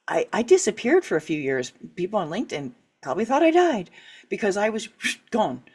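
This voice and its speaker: As an interview guest, a middle-aged writing coach and author speaks openly in a medium-pitched voice. She stays animated, laughing frequently and dramatizing quoted reactions.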